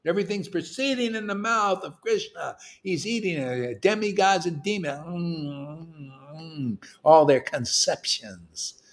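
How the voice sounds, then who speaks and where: A man giving an informal, animated spiritual talk to a group, streetwise in tone and swinging between loud bursts and hushed asides. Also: high-pitched, normal speed. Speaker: spiritual teacher leading a devotee meetup. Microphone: livestream mic.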